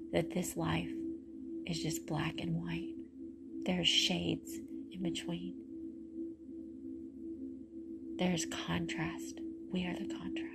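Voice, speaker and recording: A woman's voice: mid-range voice, vocal fry, noisy background. A tired woman giving an earnest, emotional personal testimony on a podcast. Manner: earnest, heartfelt, preachy, with pauses. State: tired, voice going.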